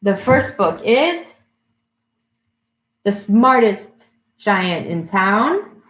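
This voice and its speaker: Slow, cheerful woman teaching kids live. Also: medium pitch, very animated, poor audio. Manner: slow, bright greetings and questions to young viewers. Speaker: English teacher for children. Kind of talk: live-streamed storytime lesson. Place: her home in a city.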